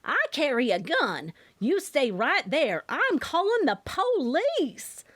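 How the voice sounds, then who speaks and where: A woman voicing an excitable, nosy middle-aged mother who talks loudly and with suspicion. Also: sits high, slow, dry recording, voice pushed up, exaggerated voice. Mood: alarmed. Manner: loud, suspicious, demanding.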